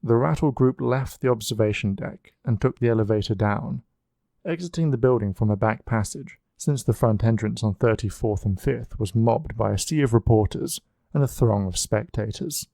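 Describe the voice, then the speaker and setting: A man narrates an audiobook at a mid pitch, in an even and measured reading. The sound is dry and close-miked. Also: vocal fry, no room sound. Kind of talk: scripted narration.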